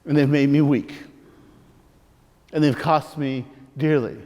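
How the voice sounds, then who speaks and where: A man's voice: on the high side, fairly even intonation, slow, a little mellow. A man, a priest, telling a personal story in a rambling, confiding sermon with many asides. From Missouri, United States. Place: large church hall. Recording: long hall reverb.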